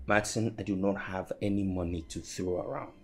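An actor playing a stingy young boyfriend who scolds and lectures about money. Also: male voice, fairly even intonation, fairly quick, gravelly. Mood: lecturing. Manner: preachy, scolding, rising to shrill emphasis.

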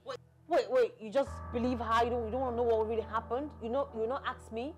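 A woman's voice: on the high side, steady tone, fast, soft background music, natural voice. A woman playing a young stepmother who scolds sharply and defends herself, in a family drama skit. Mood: defensive. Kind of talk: amateur family drama acting.

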